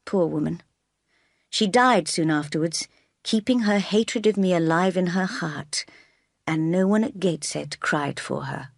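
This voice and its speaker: A woman reading a story aloud in calm, even scripted narration. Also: fairly low pitch, unhurried, gravelly, no echo, clean studio sound. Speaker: audiobook reader.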